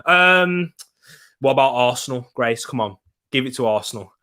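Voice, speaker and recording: A man's voice: mid-range voice, animated, normal speed, bright, forceful tone. A young man hosting a live football watch-along from a home setup, chatting upbeat with his viewers and laughing often.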